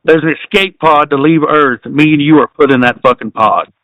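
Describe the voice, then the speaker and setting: A man from Southwest Missouri with a local accent, co-hosting a casual podcast, agreeable and quick to say yeah, swearing freely. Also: a little high, bright, forceful tone, dry recording, highs cut off. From Southwest Missouri, USA. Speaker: podcast co-host. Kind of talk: casual live podcast chat.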